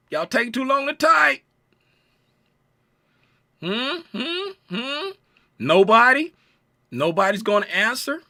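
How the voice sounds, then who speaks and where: A man's voice: very high voice, big pitch swings, slow pace, long pauses, pushed and bright. A man teaching a live-streamed trading chart lesson, playful and teasing, repeating himself and talking to his chat viewers. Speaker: trading coach.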